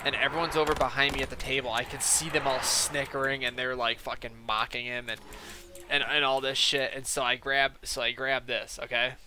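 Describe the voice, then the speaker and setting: Rambling profane young man, bright voice. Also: mid-range voice, little pitch movement, brisk, slight background noise. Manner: rambling, profane, filler-heavy. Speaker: gaming channel host. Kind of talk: casual storytelling over gameplay.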